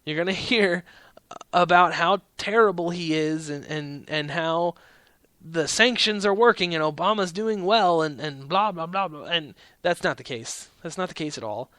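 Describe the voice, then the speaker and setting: A man's voice: fairly high pitch, moderate pace, sharp tone, no room sound. A man hosting a casual political podcast, opinionated and rambling, with frequent restarts. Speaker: podcast host.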